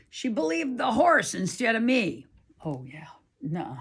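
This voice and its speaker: Chatty woman storyteller, animated delivery. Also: fairly high pitch, a little slow, breathy edge. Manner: chatty, animated, addresses listeners as folks. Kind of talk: live oral storytelling.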